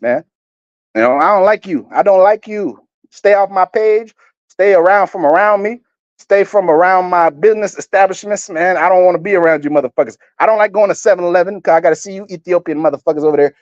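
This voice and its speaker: A man's voice: high voice, expressive, moderate pace, no room sound, dull audio. A man reading scripture aloud and breaking into blunt, profane, rambling commentary. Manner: blunt, crude and rambling, often stumbling over words. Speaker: street preacher.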